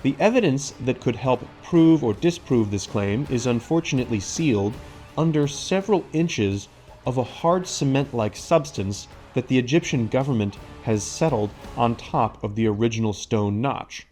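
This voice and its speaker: A man reading scripted voice-over narration, measured and explanatory. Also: mid-range voice, animated, darkish tone, soft background music. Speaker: documentary narrator.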